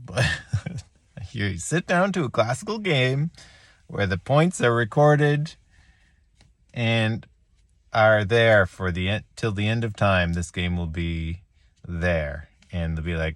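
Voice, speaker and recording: A man talking to his viewers after a lost chess game, joking at his own expense with halting restarts and small laughs. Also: lowish voice, no echo. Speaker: chess vlogger. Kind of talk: rambling self-deprecating reflection.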